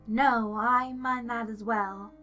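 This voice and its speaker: This is a gentle, motherly monster woman, played by a woman reading a fan story, with a soft voice pitched higher than the narration. She speaks formally and with steady concern, and her tone is bright. Faint music plays behind her. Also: slow. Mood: caring. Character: gentle motherly female goat monster, caring.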